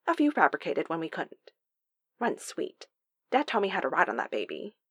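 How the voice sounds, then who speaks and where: A woman's voice: on the low side, wildly swooping pitch, fairly bright tone, slightly rough, no echo, clean studio sound, heavily acted. Woman reading as a brash, flippant young woman. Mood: breezy. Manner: slangy, quick retorts.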